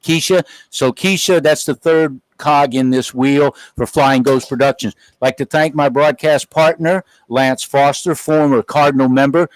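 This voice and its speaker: A man's voice: medium pitch, steady tone, a little slow, few pauses, no room sound, rough recording. Middle-aged play-by-play man, dry sound. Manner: chatty, folksy wrap-up with asides. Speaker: play-by-play announcer. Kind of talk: sports commentary.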